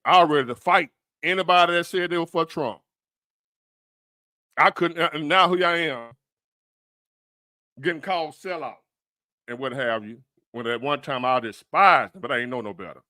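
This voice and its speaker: Fired-up blunt man, bright dry voice. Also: on the high side, no room sound. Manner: blunt, profane, fired-up, rambling. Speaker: livestream commentator. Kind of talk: reaction commentary on a news clip.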